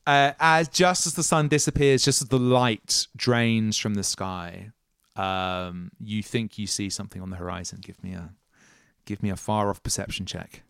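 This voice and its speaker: A man's voice: lowish voice, steady tone, moderate pace, gravelly, a bit bright, clean tone, no echo, studio quality. A man narrating as game master, musing and hesitant, restarting his phrases and laughing often. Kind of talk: narrating a tabletop role-playing game.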